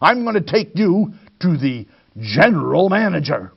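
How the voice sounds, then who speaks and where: A man's voice: fairly high pitch, big pitch swings, unhurried, vocal fry, breathy edge, lo-fi sound, exaggerated voice. A man playing a bossy factory foreman who barks orders and scolds. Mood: angry. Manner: barking orders.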